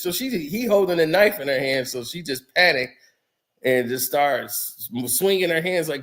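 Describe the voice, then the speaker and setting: A man telling stories casually on a podcast, animated and laughing through them. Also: medium pitch, normal speed. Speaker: podcast host. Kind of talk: casual storytelling.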